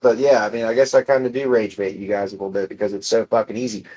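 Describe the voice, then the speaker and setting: A man's voice: fairly low pitch, flat delivery, fast talker, darkish tone, lo-fi sound. Profane young man streaming live. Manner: profane, mocking, jokey banter with chat. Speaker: livestreamer. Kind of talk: casual live-stream chat reading comments. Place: home room.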